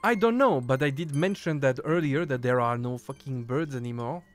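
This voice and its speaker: A man's voice: mid-range voice, fairly even intonation, moderate pace, soft background music. A man casually commenting on his own game playthrough, rambling, swearing and joking about his losses. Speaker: game streamer. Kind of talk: let's play commentary.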